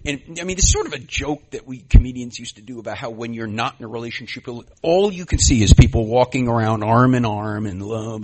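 A man giving a personal share at a recovery meeting, rambling and self-deprecating, with many fillers and sudden loud bursts. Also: mid-range voice, slight background noise. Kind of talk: personal share, conversational storytelling.

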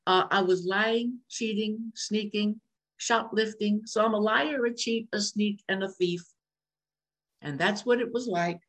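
An older woman with a medium-pitched, fairly bright voice speaks candidly over a video call. At a meeting, she shares her personal recovery story, returning to repeated refrains.

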